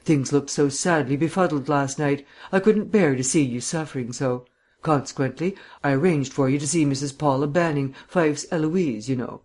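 A man voicing a suave, bantering gentleman sleuth with bland, mannered phrasing in an audiobook reading. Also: a little high, normal speed, close to an everyday voice.

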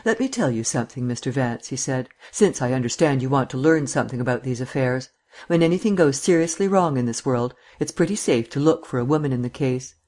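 A man's voice: medium pitch, animated, brisk, darkish tone. Man reading a detective novel aloud. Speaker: audiobook narrator. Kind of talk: scripted narration of a detective novel.

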